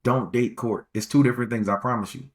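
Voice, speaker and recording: A man's voice: mid-range voice, fast talker. A man hosting a podcast, giving casual relationship advice in a rambling, slangy way and repeating phrases for emphasis. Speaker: podcast host.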